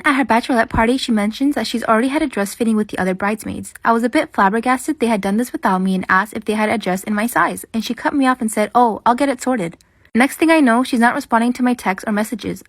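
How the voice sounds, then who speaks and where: Woman, brisk matter-of-fact storyteller, dry booth-like sound. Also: on the high side, dry recording. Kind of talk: storytime narration.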